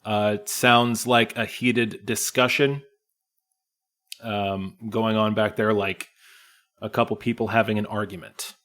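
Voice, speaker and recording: Relaxed male game master, slow and halting as he narrates. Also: on the low side. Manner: relaxed, hesitant narration with fillers.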